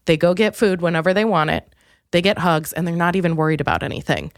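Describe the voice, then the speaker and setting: A young woman comedian hosts her podcast, rambling fast through a casual comic monologue with self-mocking asides and sudden high, excited quotes. The sound is clean studio quality with no room sound.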